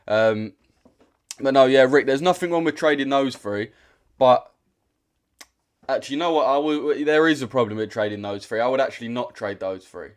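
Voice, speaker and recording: A man's voice: medium pitch, moderate pace, pauses often. A young British man hosting a trading livestream, chatting casually in a blunt, slangy way that repeats itself. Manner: slangy and direct, repeats himself.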